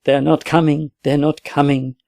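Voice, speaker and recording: A man's voice: on the high side, flat delivery, normal speed, gravelly, a little mellow, no echo, studio quality. A man reading aloud voices a desperate male army captain under siege, barking commands and oaths. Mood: despairing.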